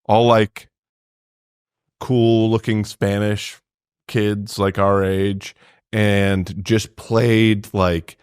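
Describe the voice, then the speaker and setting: A man with a low voice tells a long, meandering story on a podcast, leaning on filler words as he goes. The sound is close and completely dry, with no room around it. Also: level tone, extremely slow, a little mellow, smooth, dry recording. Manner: rambling storytelling full of "like" fillers. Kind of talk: casual podcast chat.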